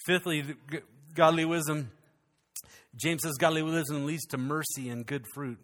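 A middle-aged male pastor preaching in a high, bright voice. He keeps it conversational and joking, stumbling over repeated words as he goes. His voice rings out with a long reverb from the hall. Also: steady tone, normal speed. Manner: humorous, conversational preaching with many restarts. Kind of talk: sermon.

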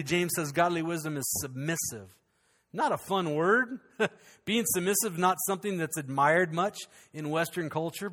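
A middle-aged male pastor preaching in a high, bright voice. He keeps it conversational and joking, stumbling over repeated words as he goes. His voice rings out with a long reverb from the hall. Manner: humorous, conversational preaching with many restarts. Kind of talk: sermon.

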